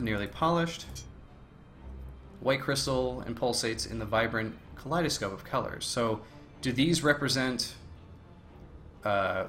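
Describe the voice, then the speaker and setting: A man hosting a let's play, reading game text aloud between relaxed, casual remarks. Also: medium pitch, slight background noise. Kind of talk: casual gameplay commentary.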